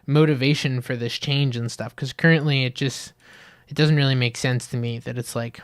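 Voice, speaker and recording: A man giving a casual, rambling critique of an ad, full of fillers, who acts out little scenes in higher voices. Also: steady tone, normal speed, clear, resonant tone, dry recording. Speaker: video critic reviewing ads.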